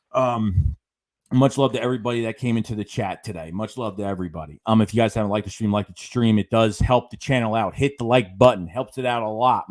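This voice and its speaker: A man hosting a live-stream fan show, ranting in a rambling way, repeating himself and reading out viewer chats. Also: mid-range voice. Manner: rambling, repeats phrases, many fillers; reads viewer chats aloud between rants. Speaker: fan channel host. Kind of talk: live-stream sports rant.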